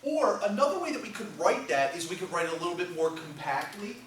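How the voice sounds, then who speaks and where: A man's voice: sits high, big pitch swings, fast, a bit bright, recorded from a distance, slight background noise. Joking male math lecturer, echoey classroom. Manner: jokey, tags nearly every phrase with "okay?".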